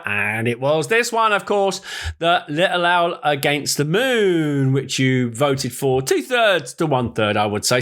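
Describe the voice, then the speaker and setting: A man's voice: high voice, a bit bright. A man, a wildlife photographer, talking through his pictures in a chatty, rambling, self-deprecating way. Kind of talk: casual vlog chat.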